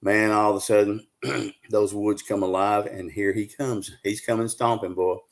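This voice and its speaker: A middle-aged man with a Southern US accent, a guest telling a long story in a folksy, drawn-out way full of fillers. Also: fairly low pitch, little pitch movement. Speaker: guest, Bigfoot researcher. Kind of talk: casual storytelling on a live show.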